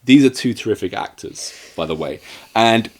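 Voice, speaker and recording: A man co-hosts a casual podcast, mocking a bad horror film with dry sarcasm. His pitch swoops around animatedly as he acts out bits of dialogue. The talk is loose and conversational. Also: lively intonation, moderate pace. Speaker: podcast co-host. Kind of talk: casual movie review chat.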